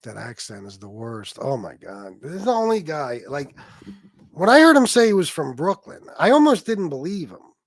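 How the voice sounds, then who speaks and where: Brief: male livestream host, heated and sarcastic, swears constantly, voice on the higher side. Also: big pitch swings, normal speed, no echo. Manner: profane, heated, sarcastic ranting. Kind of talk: ranting livestream commentary.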